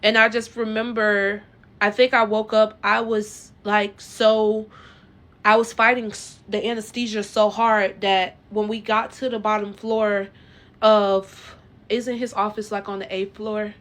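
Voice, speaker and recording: A woman telling her own story to her viewers in a casual, earnest way, rambling and halting with lots of fillers and restarts. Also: medium pitch, little pitch movement, a bit bright. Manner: earnest and emotional.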